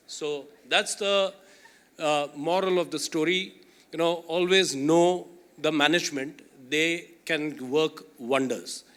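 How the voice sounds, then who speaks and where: Bright-voiced man moderating a panel. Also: a little high, measured pace. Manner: chatty, self-deprecating storytelling with frequent "you know".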